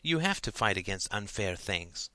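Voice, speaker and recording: A man voicing a clever, calm schoolboy who talks in a matter-of-fact, deadpan way. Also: on the low side, normal speed, no echo.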